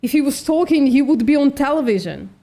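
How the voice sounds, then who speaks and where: A woman with a high, mellow, expressive voice speaks briskly while hosting a live stream. A streamer and vegan activist, she debates bluntly and argumentatively, swears, and calls people sweetie.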